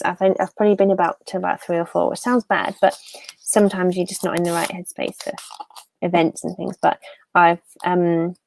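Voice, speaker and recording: A woman's voice: on the low side, creaky, darkish tone. A woman from the Fens in England with an English accent, hosting a live stream and chatting casually, rambling as she reads out viewer comments. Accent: English, Fenland.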